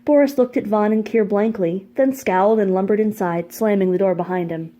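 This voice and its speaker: A woman narrating a fantasy novel chapter in a measured, even storybook reading. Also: mid-range voice. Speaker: audiobook narrator. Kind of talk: scripted narration.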